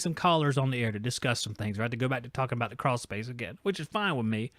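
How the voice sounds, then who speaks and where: Racing along with few pauses, this mid-range male voice comes through with no echo. He's hosting a live call-in trade show from home, an animated storyteller who jokes and acts out quotes and noises in casual live-stream chatter.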